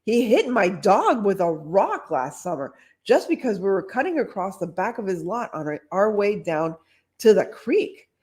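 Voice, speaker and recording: A woman's voice: mid-range voice, sing-song, moderate pace, darkish tone, close to an everyday voice. Woman voicing a big ghost-costumed kid, indignant.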